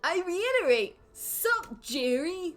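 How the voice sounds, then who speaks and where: A woman's voice: very high-pitched, big pitch swings, slow pace, voice pushed up, full character voice. A woman voicing snarky phone-headed carnival characters, reading game dialogue aloud in a sardonic, teasing manner.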